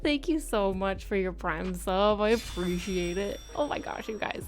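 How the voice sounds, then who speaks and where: A woman's voice: mid-range voice, lively intonation, slow. A woman art streamer chatting casually on a livestream, bubbly and giggly as she greets her viewers. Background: faint background music.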